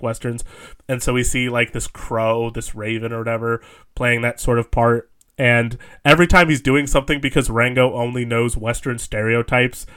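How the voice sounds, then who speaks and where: A young man chatting casually on a podcast, circling his thoughts through a steady stream of fillers and restarts. His voice sits at an ordinary middle pitch, and he breaks into laughter easily. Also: smooth. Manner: rambling, many fillers, laughs often. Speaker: podcast co-host. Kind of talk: casual chat.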